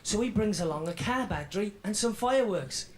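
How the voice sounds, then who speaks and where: A brash young Welsh comic. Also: male voice, high-pitched, animated, a little fast. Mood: defiant. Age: 20s. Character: edgy young male stand-up comic, defiant. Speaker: comedian performing a routine. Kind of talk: radio drama acting.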